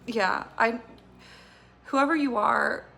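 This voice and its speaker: A woman's voice: on the high side, slow pace, vocal fry, sharp tone. A woman giving a casual intuitive tarot reading, talking in a rambling, earnest and emotional way with many fillers. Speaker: tarot reader.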